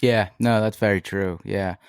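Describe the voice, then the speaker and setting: A man, a musician guest on a casual podcast, speaking in a self-deprecating way with frequent laughs and halting restarts. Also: lowish voice, steady tone, clear, resonant tone, no room sound, studio quality. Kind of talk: casual interview chat.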